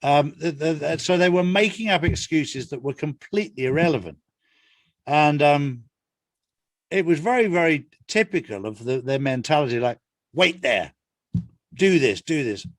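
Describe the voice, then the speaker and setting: A man's voice: fairly high pitch, lively intonation, normal speed, no room sound, studio quality. An older retired Englishman giving an interview in a casual, earnest way, repeating his points for emphasis. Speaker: interview guest, author.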